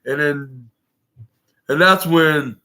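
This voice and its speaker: Guy hosting a podcast, kinda high voice, rambly recap with tons of likes and restarts. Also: extremely slow, pushed and bright. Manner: rambling, full of fillers and restarts. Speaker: podcast host. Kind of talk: casual wrestling show recap.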